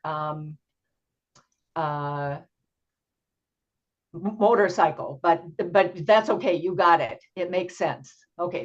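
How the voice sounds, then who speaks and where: An older woman leads an online workshop for tutors at an unhurried, patient pace, her voice sitting a little low. She explains step by step, pausing often with ums. The audio is dull and lo-fi, as from a video call. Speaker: teacher trainer presenting a workshop.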